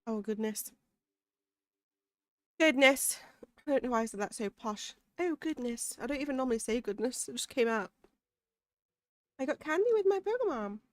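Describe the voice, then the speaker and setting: A woman's voice: fairly high pitch, lively intonation, fast, darkish tone, no room sound. A woman streamer chatting casually while playing a game, musing aloud between bites of food. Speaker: gaming streamer. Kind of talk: casual gameplay chat.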